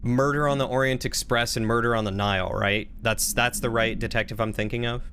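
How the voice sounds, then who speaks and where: A man's voice: mid-range voice, fairly even intonation, a little fast, fairly bright tone, slight background noise. A man streaming a game live, chatting casually and thinking aloud as he plays.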